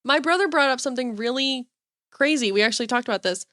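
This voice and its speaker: A woman co-hosting a podcast in casual chat, animated and quick to laugh. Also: high-pitched, no echo, studio quality. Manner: animated, laughs and quotes scenes. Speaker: podcast co-host.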